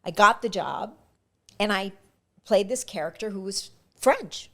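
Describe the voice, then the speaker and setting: An actress telling lively stories about her auditions and career in a casual interview. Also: medium pitch, a little slow. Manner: lively anecdotal, frequent restarts. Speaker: actress guest.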